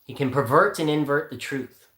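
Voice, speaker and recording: A man's voice: fairly high pitch, normal speed, sharp tone. Casual man talking in a roomy space. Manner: rambling, thinks aloud, corrects himself. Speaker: channel host. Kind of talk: casual spiritual talk and reading. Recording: roomy echo.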